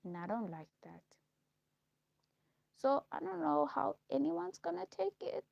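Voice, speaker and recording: A woman speaking a halting, repetitive personal monologue on a live stream, slow and heavy in delivery. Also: high-pitched, very animated, gravelly, no room sound, lo-fi sound. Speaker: livestream host.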